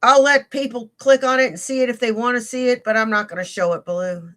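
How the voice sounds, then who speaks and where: Bright-voiced woman live-stream host. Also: on the high side, steady tone, brisk. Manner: chatty, thanks donors and greets viewers by name; blunt, teasing insults. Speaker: livestream host. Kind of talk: casual live-stream chat.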